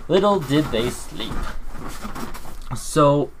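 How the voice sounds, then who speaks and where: A man's voice: a little high, lively intonation, extremely slow, slight background noise. A man recording a let's play, reading the game's dialogue aloud in put-on voices and breaking off to joke and complain. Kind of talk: reading game dialogue aloud with own commentary.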